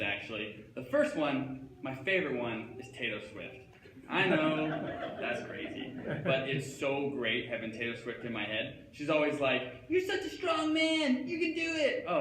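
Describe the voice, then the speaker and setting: A man's voice: medium pitch, noisy background. A young man doing a comic stage monologue, dopey and starstruck, rambling with manic outbursts. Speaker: comedic monologue performer. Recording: echoey hall, faint ambience.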